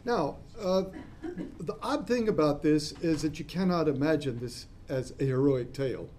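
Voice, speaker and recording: A man with a mellow, warm voice gives a classroom lecture. He talks in a discursive way, adds asides, and spells out key terms letter by letter. There is a faint hiss behind him. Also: fairly high pitch, moderate pace.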